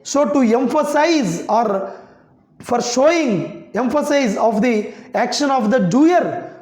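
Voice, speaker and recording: A grammar teacher, a woman, spells out example sentences word by word and keeps saying "okay" as she repeats herself. Her voice sits high and moves at an unhurried pace. The sound carries the echo of a bare room. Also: lively intonation, a little mellow. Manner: slow and repetitive, dictating sentences word by word, frequent "okay". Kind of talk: classroom grammar explanation. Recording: echoey room.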